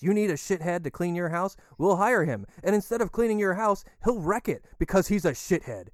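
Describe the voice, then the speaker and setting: A man putting on a brash mock-commercial announcer who delivers a punchy pitch full of swearing, his voice lively and a touch high. The recording is dry and close. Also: no echo. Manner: punchy, profane sales pitch. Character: brash male ad announcer selling shoddy workers.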